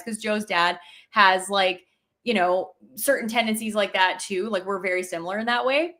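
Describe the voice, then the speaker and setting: A woman's voice: mid-range voice, normal speed, bright, forceful tone. A woman chatting casually on a podcast, full of fillers and acting out quoted lines. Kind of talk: casual chat.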